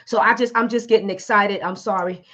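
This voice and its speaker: A woman's voice: mid-range voice, fairly even intonation, a little fast, a bit bright, dull audio. A woman pastor hosting an online talk show, preaching fervently over a video call, urging listeners and bursting into hallelujahs and tongues. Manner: emphatic and exhorting.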